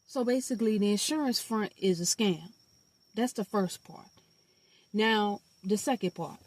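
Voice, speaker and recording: A young woman recounts a personal story in a loose, animated way, cursing freely and dropping slangy asides. Her voice sits in an ordinary middle range. The recording is dry and close, with no room sound. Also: medium pitch, unhurried, no echo. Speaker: storytime vlogger. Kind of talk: casual storytelling.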